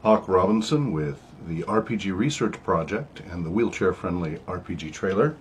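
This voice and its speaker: Very deep-voiced older man, wheezy. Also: animated, slight background noise. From United States. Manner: halting, many ums and uhs. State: wheezy, coughing from asthma and smoke. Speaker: research project director hosting an online meeting. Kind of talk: casual informative talk.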